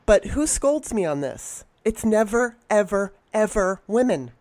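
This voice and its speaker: A woman's voice: mid-range voice, very animated, measured pace, darkish tone, no room sound. A woman in casual conversation, telling a story bluntly and animatedly, swearing as she goes. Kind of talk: casual chat.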